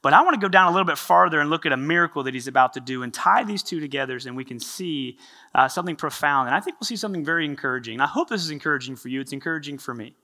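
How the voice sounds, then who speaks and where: A male pastor giving a sermon, telling a story in an animated, conversational way. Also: on the high side, rapid-fire.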